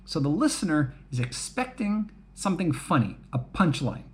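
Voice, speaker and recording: A man teaching English to learners, explaining slowly and clearly in a relaxed, chatty way, often checking with "right?" and laughing at his own jokes. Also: a little high.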